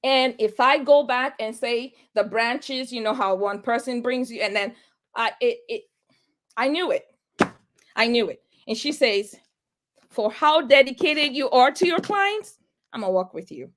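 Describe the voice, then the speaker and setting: A woman's voice: fairly high pitch, moderate pace. A woman real estate agent, a guest, retelling her story with lots of quoted dialogue and big swings in her voice. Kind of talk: animated storytelling.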